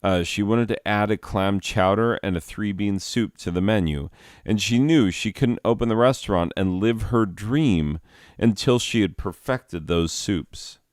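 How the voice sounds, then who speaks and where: A young man telling a rambling comic story, deadpan, with lots of asides and fillers. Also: fairly low pitch, unhurried, no echo, studio quality. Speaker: comedian.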